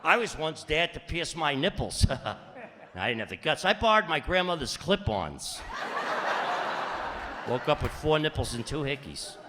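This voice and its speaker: A man's voice: a little high, very animated, normal speed, big-room sound, crowd noise. A middle-aged man performing a stand-up comedy routine with brash, punchy delivery and mock-exasperated asides.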